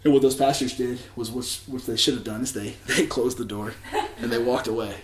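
This preacher's voice is medium-pitched and steady, a little fast, with a roomy sound. Telling a story in a casual sermon, he chats along with lots of likes, ums and restarts.

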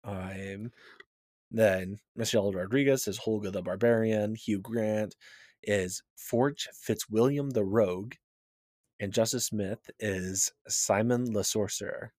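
A man co-hosting a fantasy podcast in casual chat, easygoing and halting, with lots of fillers. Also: fairly low pitch, darkish tone, dry recording, studio quality. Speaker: podcast co-host.

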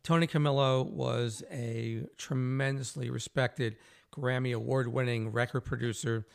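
A man hosting an interview, telling a lively story and acting out the dialogue with frequent laughs. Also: medium pitch, vocal fry. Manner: animated storyteller, acts out quoted dialogue, laughs often. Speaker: host.

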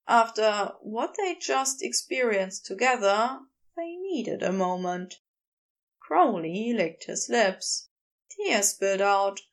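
A woman reading a story aloud in a slow, emotive narration. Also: a little high. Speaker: podfic reader. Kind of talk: audiobook narration.

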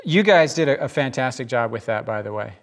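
A man giving informal, emphatic Bible teaching in a lively, conversational way. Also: medium pitch, a little fast.

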